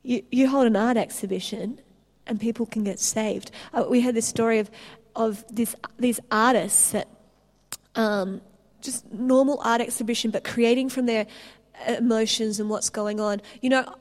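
Woman preaching, animated stories, kinda high voice. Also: moderate pace. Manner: animated storytelling with laughs and restarts. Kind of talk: sermon.

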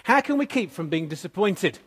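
A man's voice: sits high, big pitch swings, a little fast, slightly rough. Man preaching in a reverberant church. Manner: storytelling with gentle humor, conversational. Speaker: pastor. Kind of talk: sermon. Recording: long reverb of a church hall.

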